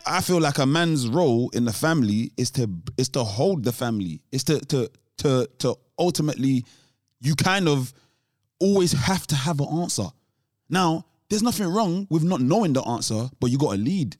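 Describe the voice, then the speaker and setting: A man's voice: mid-range voice, expressive, moderate pace, a little mellow, dry recording, studio quality. A man chatting casually as a co-host, rambling off on tangents with lots of restarts and street slang. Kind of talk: casual chat.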